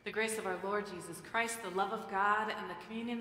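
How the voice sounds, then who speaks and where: A woman's voice: mid-range voice, fairly even intonation, brisk, hardly any pauses, pushed and bright, slight background noise. A woman pastor leading prayer and then giving a playful, coaxing children's message during a church service. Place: church sanctuary. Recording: echoey church hall with long reverb.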